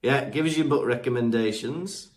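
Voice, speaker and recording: Here a man co-hosting a podcast reads out listener reviews, chatting casually with fillers and stumbling on names. His voice sits mid-range at a moderate pace, captured through a remote podcast mic.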